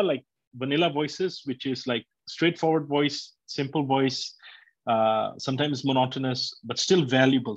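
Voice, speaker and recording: A man's voice: medium pitch, husky, no room sound, dull audio. A man hosting a live online community address, rambling with many fillers and speaking straight to his listeners. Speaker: company host presenting a product.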